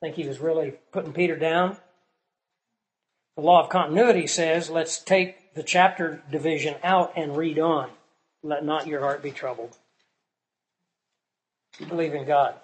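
A man's voice: a little high, moderate pace, poor audio. Emphatic man teaching a Bible lesson. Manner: emphatic, varies volume from soft to loud; asks the listeners questions. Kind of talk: sermon-style Bible teaching.

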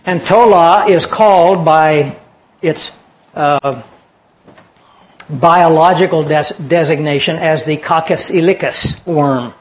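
A man preaching a sermon, earnestly explaining scripture and dropping his voice low for personal stories. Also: slow, poor audio. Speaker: pastor.

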